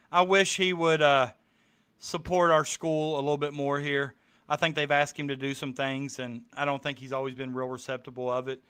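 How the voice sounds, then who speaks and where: A man's voice: on the high side, pushed and bright, smooth. A man chatting casually on a streamed podcast, rambling with many ums. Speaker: podcast co-host. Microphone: streaming mic.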